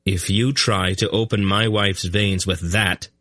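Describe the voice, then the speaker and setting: Young king, firm and earnest, deep low voice, read by a male narrator. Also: steady tone, measured pace, sharp tone, no room sound, studio quality, heavily acted. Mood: firm, anxious. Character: young king, protective and impulsive. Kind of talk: audiobook character voice.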